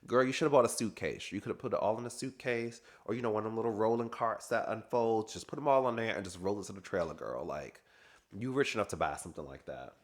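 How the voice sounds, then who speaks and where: A low-voiced man with a drawl recaps reality TV in a loose, gossipy way. He chats like he's talking to friends and laughs often between his takes. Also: expressive, quick pace. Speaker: recap vlogger.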